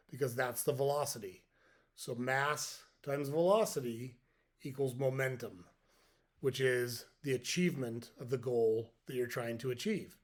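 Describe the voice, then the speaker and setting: At a measured pace and medium pitch, a middle-aged man hosts a podcast with a folksy, reflective motivational talk. He breaks his points down step by step and uses jokes as examples.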